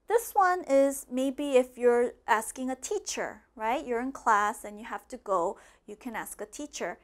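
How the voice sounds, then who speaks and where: A patient woman teaches English at a deliberately slow pace, saying each phrase twice and checking in often. Her voice sits a little high. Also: expressive. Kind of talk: slow classroom explanation. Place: classroom with a board.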